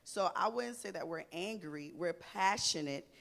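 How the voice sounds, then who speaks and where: A woman's voice: fairly low pitch, animated, a little slow, gravelly, a bit bright. A woman speaking as a guest on a panel talk show, passionate and emphatic. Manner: passionate, gestures while speaking.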